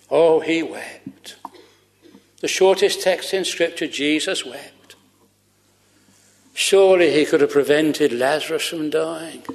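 A man's voice: a little high, in a large hall. A man preaching a sermon fervently, repeating his phrases for emphasis.

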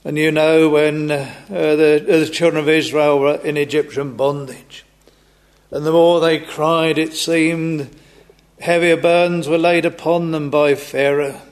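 A man preaching a sermon slowly and haltingly, with many pauses and restarts and old-fashioned biblical wording. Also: a little high, little pitch movement.

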